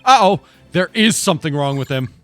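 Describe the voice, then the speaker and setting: A man chatting on a game stream, joking casually. His voice is bright and very animated. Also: a little high, brisk, soft background music.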